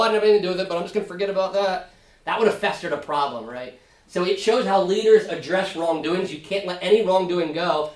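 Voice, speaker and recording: A man, a pastor, leading a casual Sunday school Bible study, talking conversationally and often checking in with his class. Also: fairly high pitch. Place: church classroom. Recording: roomy, from far off mic.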